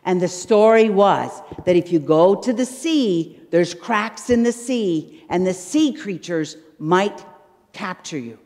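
Woman preacher with an animated pitch. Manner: storytelling with dramatic pauses. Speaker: minister. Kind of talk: children's story sermon. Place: church sanctuary. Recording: long church reverb.

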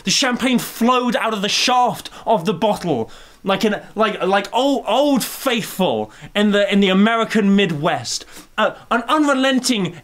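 High-voiced excitable man ranting. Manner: rambling, excitable, builds to shouted outbursts. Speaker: video essayist. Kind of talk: comedic film review rant.

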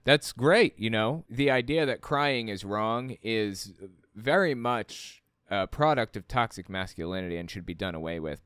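A man with a smooth, resonant voice talks through a book in casual commentary, sounding incredulous and exasperated as he questions what he reads. The recording is close and dry, with no room sound. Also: on the low side, fairly bright tone, no echo. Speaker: host reading a book aloud with commentary.

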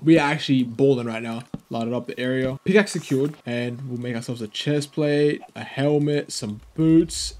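A young man giving casual, slangy let's-play commentary, getting excitable and yelling at the game. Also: medium pitch. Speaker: gaming YouTuber.

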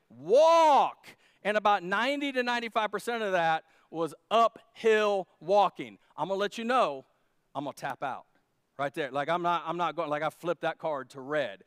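A man's voice: high voice, fairly bright tone, clear, resonant tone, dry recording, studio quality. A male pastor preaching a sermon at a church service in a joking, conversational way.

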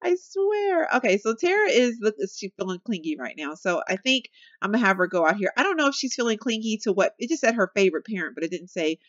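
Chatty, animated young woman narrating gameplay. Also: mid-range voice, quick pace, hardly any pauses, dry recording, dull audio. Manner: chatty, animated, talks to viewers as y'all, laughs often. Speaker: gameplay commentator. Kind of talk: casual let's-play commentary.

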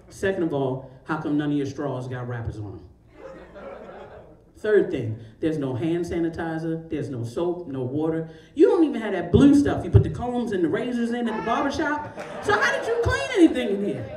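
A woman in her forties performs a stand-up set at a comedy show held in a large store, telling a profane story with big swings of her voice. Her voice is deep, picked up by a distant mic in an echoey room.

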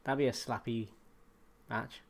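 A man co-hosting a podcast, rambling and swearing in relaxed banter. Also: mid-range voice, unhurried. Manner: laid-back, rambling, sweary. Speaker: podcast co-host.

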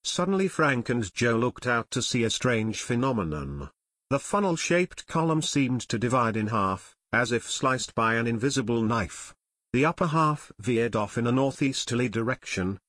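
A man narrating a children's mystery audiobook in measured storytelling. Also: mid-range voice, lively intonation, fairly bright tone, no room sound, clean studio sound. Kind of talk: scripted narration.

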